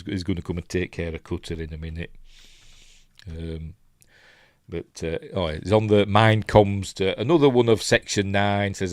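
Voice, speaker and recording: A man's voice: low voice, no echo. A Yorkshire man hosting a casual live film breakdown. He rambles, thinks aloud and reads out viewer comments. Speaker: film reviewer host.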